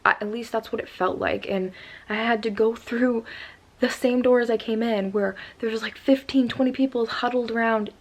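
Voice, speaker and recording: A woman's voice: a little high, steady tone, normal speed. A young woman in her twenties telling a storytime vlog in a rambling, casual way, upset after crying. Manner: rambling with many "like" fillers. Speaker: vlogger.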